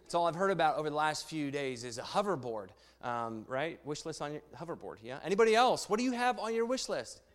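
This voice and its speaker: A male pastor with a high-set voice gives a youth sermon, chatty and lively and asking his listeners questions. His voice rings out with a long hall reverb behind it. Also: fairly quick, few pauses. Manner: lively, conversational, asks the audience questions. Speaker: pastor speaking to a youth congregation. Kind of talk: sermon with a read-aloud story.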